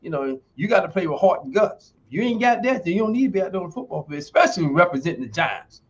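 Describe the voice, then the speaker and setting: A man's voice: high-pitched, sing-song, quick pace, lo-fi sound. A man in his sixties, a retired athlete telling stories in an interview, emphatic and folksy like a motivational coach. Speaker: guest, retired football player and university lecturer. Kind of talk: podcast interview storytelling.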